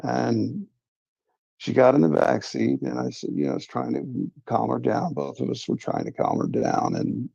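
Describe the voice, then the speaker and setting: A man's voice: mid-range voice, sing-song, normal speed, gravelly, mellow, slightly rough, no echo. A man hosting a livestream, earnestly recounting a personal experience in a casual, confiding way. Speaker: livestream host. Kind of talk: casual first-person storytelling. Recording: dull lo-fi stream audio.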